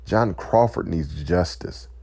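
A man speaks in a very deep, gravelly voice with a husky edge. He is tired and emotional, close to tears, and stops now and then to steady himself. The sound is close and dry. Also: no room sound. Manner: impassioned, weary, pauses to collect himself. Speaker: speaker addressing listeners. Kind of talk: emotional impassioned speech.

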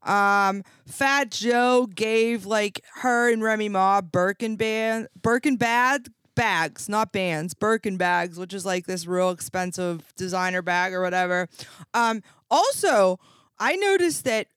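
A woman's voice: medium pitch, takes it slowly, fairly bright tone, clean tone, no echo, studio quality. A woman co-hosting a podcast, brash and profane in casual chat. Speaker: podcast co-host.

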